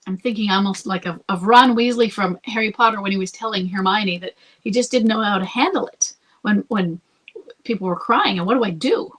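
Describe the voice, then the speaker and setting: A woman's voice: medium pitch, brisk, a bit bright, rough recording. A woman hosting an advice podcast, answering a listener in a conversational, thinking-aloud way and sometimes dropping to a whisper. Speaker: podcast host and coach.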